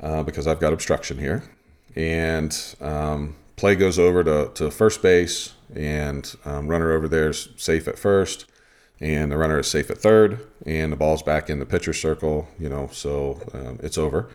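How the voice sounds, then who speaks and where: A man with an extremely deep voice hosts a casual podcast. He tells a story from a game in a lively, easygoing way. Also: moderate pace, clear, resonant tone. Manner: animated retelling of a game story. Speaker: podcast host and umpire.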